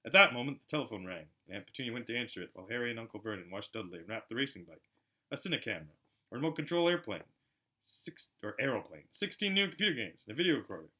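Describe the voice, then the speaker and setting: A man reading a novel aloud as an audiobook, expressive and with occasional self-corrections. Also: medium pitch, racing. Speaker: audiobook reader.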